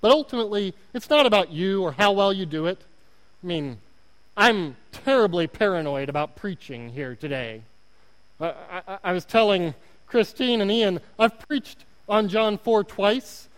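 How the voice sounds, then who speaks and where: In a church filled with long hall reverb, a guest pastor with an Oklahoma accent preaches earnestly and self-deprecatingly, repeating words for emphasis. He is from Oklahoma in the United States and speaks in a high-pitched, clean voice at a moderate pace with lively intonation.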